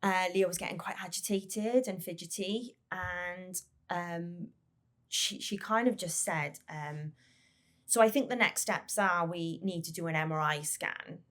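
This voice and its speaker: A woman who is the parent of a child with a brain injury, telling her story in a podcast interview in a halting way, repeating words and acting out the dialogue she recalls. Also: fairly low pitch, fairly bright tone.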